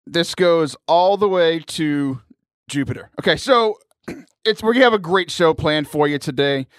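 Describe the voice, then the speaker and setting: A man hosting a casual comedic radio show, energetic and rambling, laughing between jokes. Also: a little high, unhurried, dry recording, studio quality. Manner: energetic, jokey, rambling with restarts. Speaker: podcast host. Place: radio studio.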